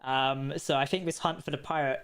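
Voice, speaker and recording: A man's voice: mid-range voice, steady tone, fairly quick, a bit bright, clean tone. A man hosting a livestream of a video game, chatting casually and laughing often. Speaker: community manager hosting a livestream.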